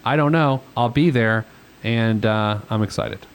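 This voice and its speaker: A man who is a financial planner hosts an advice podcast, chatting casually with a caller and rambling with plenty of fillers and self-deprecating asides. His voice is fairly low and a little slow, with a slight hiss or hum.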